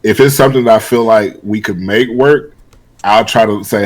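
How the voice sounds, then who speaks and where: A man's voice: fairly low pitch, normal speed, rough recording. A man appearing as a guest on a casual podcast over a video call. He talks in an easygoing way, with hesitant restarts and frequent laughter. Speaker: guest, e-fed runner.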